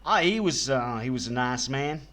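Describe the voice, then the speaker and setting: Bright-voiced man teasing with crude innuendo. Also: medium pitch, expressive, normal speed. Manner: teasing and full of crude innuendo, often stammering. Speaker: scam baiter. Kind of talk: prank phone call.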